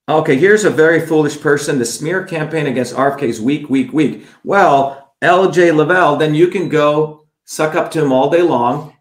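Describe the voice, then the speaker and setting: A man with a fairly high voice rails at critics in a combative campaign livestream. He talks bluntly and with scorn, answering viewer comments one by one. The sound is roomy and echoey. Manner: blunt, scornful, repeats "okay?". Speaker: political candidate livestreaming.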